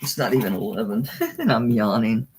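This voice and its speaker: A woman hosts a live jewelry auction stream, showing off and pricing items as she goes. Her pitch bounces up and down in a lively, animated way, and her casual talk is peppered with mild swearing. She sounds a bit worn out. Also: moderate pace, husky. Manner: chatty and salty, with frequent mild swearing; animated, talking while handling and showing items. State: tired and yawning late in the stream.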